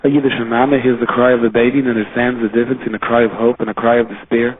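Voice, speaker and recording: A man, a rabbi, giving a Torah lecture in an animated storytelling manner with pitch rising and falling for emphasis. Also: fast, a little hiss or hum. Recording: tinny phone-line audio.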